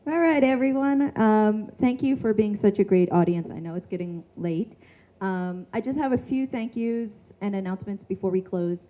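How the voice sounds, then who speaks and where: A woman hosting a small reading event gives casual closing thanks, full of ums and hesitations. Her voice is mellow and relaxed, at a middle pitch. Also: slight background noise, low-quality recording. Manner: casual, halting, many ums, light laughs. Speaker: event organizer and host. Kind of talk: closing announcements. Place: small shop venue with a live audience.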